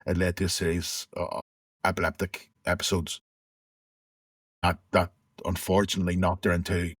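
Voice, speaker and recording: Low husky man, reflective. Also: little pitch movement, normal speed, no echo, clean studio sound. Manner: reflective, conversational, with restarts. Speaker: interview guest. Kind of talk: candid personal storytelling.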